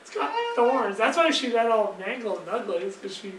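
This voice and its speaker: High-pitched guy giggling and joking around during gameplay, echoey room, mic far away. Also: moderate pace, background noise. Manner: giggly, playful banter. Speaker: gaming video co-host. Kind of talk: casual gameplay chat.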